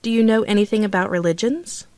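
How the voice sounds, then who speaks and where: A woman's voice: mid-range voice, fast, darkish tone, dry recording, lightly acted. A woman playing a daughter who politely asks her father questions for an essay in a scripted textbook dialogue. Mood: curious. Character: young daughter writing a school essay. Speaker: textbook audio actor.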